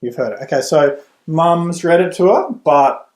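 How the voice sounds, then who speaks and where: A middle-aged man, a reading tutor and parent, explaining at home in a relaxed way with a few restarts. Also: on the high side, unhurried. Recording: roomy echo.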